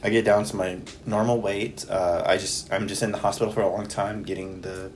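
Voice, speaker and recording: A man's voice: fairly low pitch, level tone, brisk, a little hiss or hum. A laid-back young man hosting a podcast, chatting casually and sounding a little sleepy. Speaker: podcast host. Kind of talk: casual chat.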